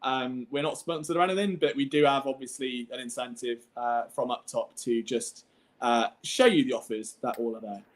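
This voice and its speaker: A man's voice: mid-range voice, steady tone, normal speed. A young Englishman hosting a casual livestream chat, playful and prone to giggling. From England. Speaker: podcast host.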